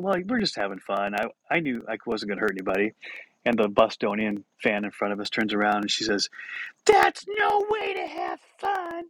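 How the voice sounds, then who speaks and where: A man's voice: lowish voice, fairly bright tone, no room sound, poor audio. A middle-aged man hosting a podcast, telling self-mocking stories and laughing through them. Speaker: podcast host. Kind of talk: storytelling monologue.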